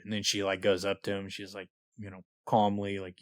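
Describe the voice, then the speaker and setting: A man with a low voice co-hosts a book podcast and slips into small voices when he reads passages aloud. The sound is dry and close, with no room around it. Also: monotone, fairly quick, few pauses, fairly bright tone, dry recording. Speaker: podcast co-host. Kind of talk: casual chat and book reading.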